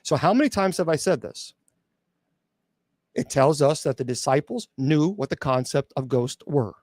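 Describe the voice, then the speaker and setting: This radio host, a middle-aged exorcist bishop, speaks on the high side at a moderate pace, animated and a little mellow, in a dry studio-quality recording. Fielding chat questions on his live call-in show, he's blunt and sarcastic, imitating skeptics mockingly and often restarting or filling with sounds.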